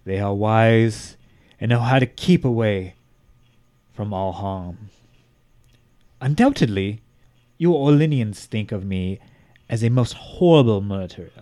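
A man's voice: lowish voice, unhurried, long pauses, warm tone, no room sound, natural voice. A man reading aloud the letter of a boastful demonic male axe murderer. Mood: menacing.

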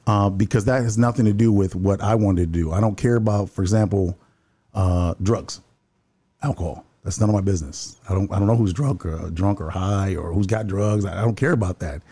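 A man's voice: low-pitched, dark tone, breathy edge. A man who works building security, earnestly telling a story in conversation, often repeating his first words. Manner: rapid, earnest, repeats words when starting sentences.

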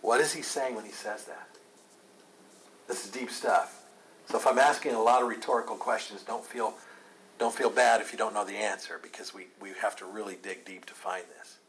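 A pastor leading a Bible study, talking earnestly, asking rhetorical questions and repeating key phrases. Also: male voice, fairly low pitch, fairly even intonation, normal speed, fairly bright tone, a little hiss or hum, poor audio.

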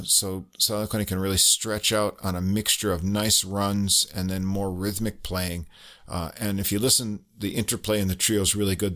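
A man hosting a jazz podcast, chatting casually about new piano records with lots of "uh" pauses. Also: on the low side. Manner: relaxed, many "uh" pauses, enthusiastic. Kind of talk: casual music review chat.

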